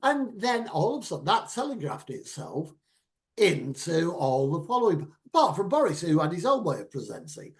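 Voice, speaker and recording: A middle-aged man ranting about politics in casual chat, animated and at times shouting. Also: on the high side, moderate pace, gravelly.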